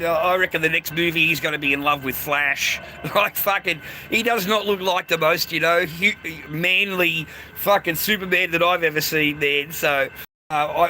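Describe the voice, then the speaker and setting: A high-leaning, sharp-toned male voice belongs to an Australian vlogger on a city street with passing traffic. He talks in a rambling, casual way, swearing bluntly and constantly calling the listener "mate."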